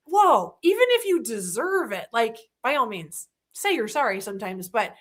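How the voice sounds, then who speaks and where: A woman with a high, light voice hosts a relaxed conversation about faith. She talks in bursts of animation, slipping into quick voices for the people she quotes. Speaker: host. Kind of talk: casual faith chat.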